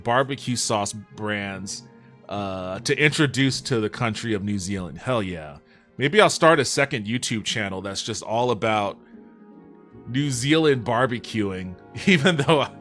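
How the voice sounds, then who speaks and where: A laid-back streamer with a mid-range voice reads his chat aloud and answers it, riffing casually with viewers and cursing along the way. Soft, faint music plays in the background.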